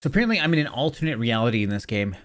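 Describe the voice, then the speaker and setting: Male game streamer, casual rambling commentary, middle pitch, trails off into mumbles. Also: very animated, very fast, fairly bright tone.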